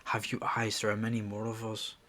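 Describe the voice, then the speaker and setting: A man's voice: fairly low pitch, completely flat delivery, fairly quick, sharp tone. A man reading as a wary Celtic interpreter. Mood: urgent. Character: loyal male Celtic interpreter, urgent and wary.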